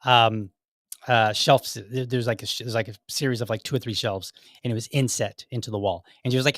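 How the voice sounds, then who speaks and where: A man's voice: mid-range voice, animated, fairly quick, bright, forceful tone, no room sound, studio quality. A middle-aged man hosting his own podcast, rambling in a chatty way with many restarts. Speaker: podcast host. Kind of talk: casual solo podcast commentary.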